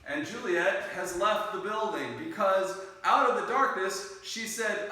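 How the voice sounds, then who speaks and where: High-voiced man explaining a play scene. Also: measured pace, few pauses. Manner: animated storytelling, directing readers. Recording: echoey room, mic far off.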